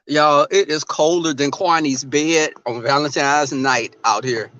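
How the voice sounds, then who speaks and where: A man's voice: on the high side, unhurried, fairly bright tone, no echo. A man with a Southern drawl ranting in a brash, profane, sassy livestream commentary. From Southern US, Texas. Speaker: livestream host. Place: outdoors in the cold. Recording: dull, dry sound.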